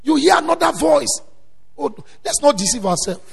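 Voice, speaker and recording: A male preacher delivering a sermon, swinging between quiet storytelling and loud emphatic exhortation. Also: extremely high pitch, lively intonation, normal speed, gravelly. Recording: long hall reverb.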